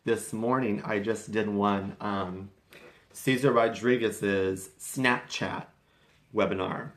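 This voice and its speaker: A man's voice: on the low side, steady tone, slow pace, fairly bright tone. A young man talking casually to camera in a vlog, chatty and rambling. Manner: chatty and rambling, with restarts and quoted asides. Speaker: vlogger.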